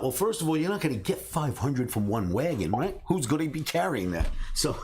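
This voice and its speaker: Animated middle-aged man spinning a yarn. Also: medium pitch, moderate pace. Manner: animated, acts out voices of people in his stories. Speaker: trading educator telling stories. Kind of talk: casual storytelling to a live stream.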